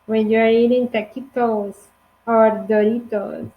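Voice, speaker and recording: Slow-talking Honduran teacher woman. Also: fairly high pitch, level tone, phone-quality sound. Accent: Honduran Spanish. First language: Spanish. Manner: slow, clear teacher talk with playful acted examples. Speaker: English teacher. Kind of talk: online English lesson.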